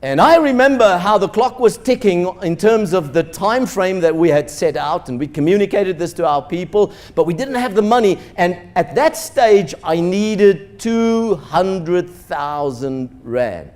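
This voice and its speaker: A man's voice: high voice, lively intonation, unhurried, few pauses, darkish tone. A man, a pastor, telling a story in a sermon and acting out the dialogue with animation. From South Africa.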